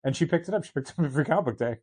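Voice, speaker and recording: A man co-hosting a comic shop podcast in casual chat, quick to laugh and apologize. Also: a little high, lively intonation, a little mellow, slightly rough.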